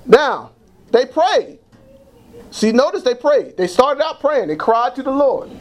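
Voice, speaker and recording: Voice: sits high, big pitch swings, a little slow. A preacher giving an emphatic sermon that leads the congregation in call-and-response. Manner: emphatic, repeats phrases, frequent "praise God".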